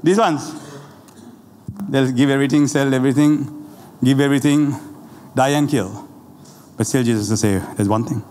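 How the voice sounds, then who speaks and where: A man preaching a lively, conversational sermon, laughing often and talking straight to the congregation, with a Sri Lankan accent. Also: mid-range voice, normal speed, long pauses. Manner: animated, laughing often, asides to the audience. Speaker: pastor. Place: church hall. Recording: roomy church hall with faint ambience.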